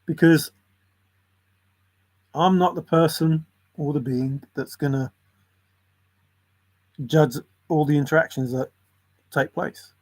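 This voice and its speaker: A man's voice: fairly high pitch, fairly even intonation, slow pace, long pauses, a little mellow. A man in a casual, rambling monologue, musing in a conspiratorial tone and often chuckling. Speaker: channel host.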